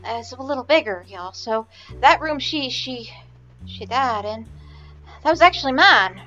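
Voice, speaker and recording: A woman's voice: high voice, expressive, moderate pace, pushed and bright, faint music behind, voice pushed up. A woman voicing a flustered young woman artisan in a noticeably raised, breathless voice, on a slightly dull mic. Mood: anxious.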